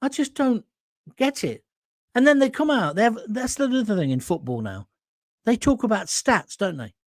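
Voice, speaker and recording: A man's voice: high voice, sing-song, moderate pace, dry recording, studio quality. An older man hosting a live opinion show, reading out viewer comments and ranting with indignation and sarcasm. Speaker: host.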